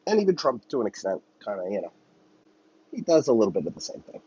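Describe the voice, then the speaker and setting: A man's voice: fairly low pitch, wildly swooping pitch, quick pace, warm tone, breathy edge, dry recording, highs cut off. A man hosting a podcast, ranting on his own in a heated, profane, rambling way. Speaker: podcast host. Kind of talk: solo political commentary rant.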